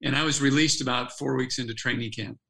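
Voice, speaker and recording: A man's voice: medium pitch, steady tone, fast, gravelly, a bit bright, low-quality recording. An older man, a former athlete turned speaker, earnestly telling a personal story as a podcast guest, restarting his phrases as he goes.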